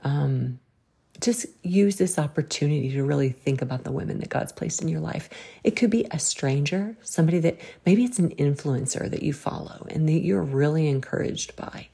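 Low gravelly Southern-drawled woman. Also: expressive, normal speed, dark tone. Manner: folksy, preachy, exhorting. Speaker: podcast host. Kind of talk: faith-based encouragement talk.

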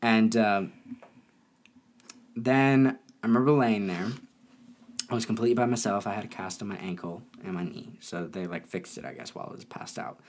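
A young man casually telling a story, animated and often laughing. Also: fairly low pitch, moderate pace, a little hiss or hum.

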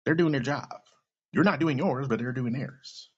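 A man's voice: medium pitch, normal speed, darkish tone, slightly rough. A man hosting a podcast, delivering a blunt, profane, heated opinion rant. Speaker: podcast host. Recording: dull lo-fi recording.

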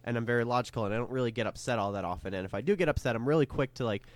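Young guy podcast cohost, smooth clear voice, rambly and hesitant, lots of ums. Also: mid-range voice, racing. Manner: hesitant, full of fillers and restarts. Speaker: podcast co-host. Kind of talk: casual chat.

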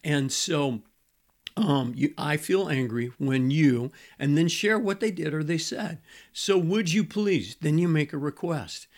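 A middle-aged male pastor giving a conversational teaching on marriage, repeating key phrases and slowing down to stress a point. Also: on the high side, animated.

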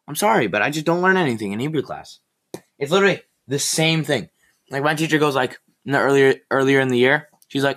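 A teenage boy hosts his own podcast, rambling casually from one rant to the next. His voice sits at an ordinary mid pitch, and his delivery is animated, sarcastic and quick to get exasperated. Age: teen. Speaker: podcast host.

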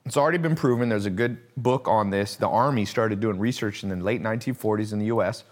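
A man's voice: lowish voice, fast talker. A man as a podcast guest, talking casually and acting out the voices of people in his stories. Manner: animated storyteller, mimics voices.

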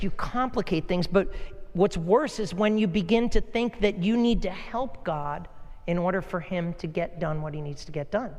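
A man's voice: sits high, in a large hall. A man preaching a sermon, earnest and storytelling, repeating words as he builds a point. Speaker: pastor.

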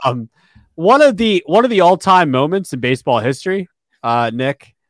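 A man's voice: a little high, normal speed, dry recording. A man in his twenties co-hosting a sports podcast, chatting casually and telling stories with many fillers. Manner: relaxed, storytelling with fillers. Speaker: podcast co-host.

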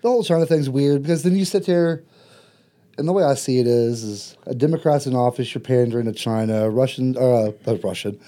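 A man's voice: medium pitch, brisk, dark tone. A man in casual podcast chat, blunt, profane and heated.

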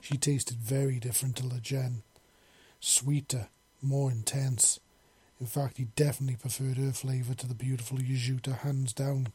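A man narrating a fantasy novel as an audiobook in a steady, measured way. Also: medium pitch, slight background noise. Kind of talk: audiobook reading of a fan novel.

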